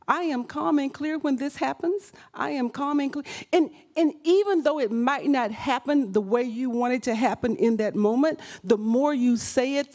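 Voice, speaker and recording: A woman's voice: fairly high pitch, dark tone. A woman leading a live writing workshop, talking emphatically and often repeating and restarting her phrases. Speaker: workshop leader. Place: event room.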